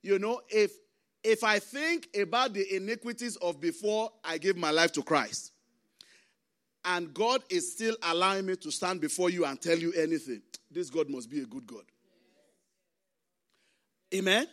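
A man, a pastor preaching a sermon with impassioned swings between loud emphasis and hushed asides. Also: high voice, sing-song, moderate pace. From Nigeria.

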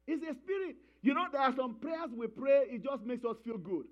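Emphatic high-voiced male preacher, dull recording. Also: animated, fairly quick. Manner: emphatic, repeats key phrases, calls for congregation responses. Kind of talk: sermon.

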